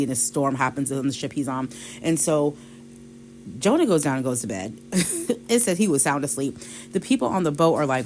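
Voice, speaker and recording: A woman with a deep voice hosts a devotional podcast, casually retelling a scripture passage in Bible-study fashion, acting out quoted voices and laughing lightly. The recording is low-quality with slight background noise.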